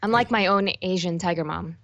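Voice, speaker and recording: Animated young woman esports host. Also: lowish voice, lo-fi sound. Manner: animated, self-deprecating, quick to laugh. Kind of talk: interview answers, casual.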